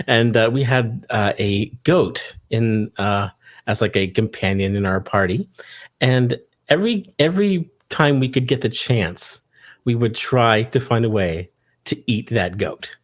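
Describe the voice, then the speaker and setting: A man on a podcast telling a memory haltingly, with many "uh"s. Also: mid-range voice, lively intonation. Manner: hesitant, many "uh"s. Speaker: team member. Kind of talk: casual podcast chat.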